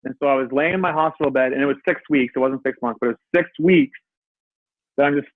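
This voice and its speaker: A man telling his story as an interview guest, animated and swearing freely, acting out his own past words. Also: medium pitch, fast talker, no room sound. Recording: tinny phone-like line.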